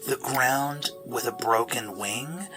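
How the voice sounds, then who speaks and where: A man narrating a tabletop game as game master, describing scenes in an animated way. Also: mid-range voice, takes it slowly, music in the background, rough recording.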